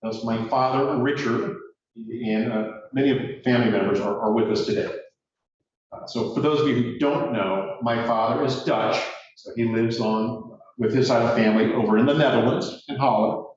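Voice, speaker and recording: In a courtroom, a man gives a casual ceremony speech, telling jokes at his own expense. His voice is medium-pitched and darkish at a moderate pace, and the dull recording comes from a distant mic in an echoey room.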